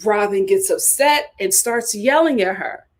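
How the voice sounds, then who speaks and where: A woman hosting a live review of a reality show, talking with animated, indignant energy and piling up rhetorical questions. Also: mid-range voice, unhurried. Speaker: reality TV recap host.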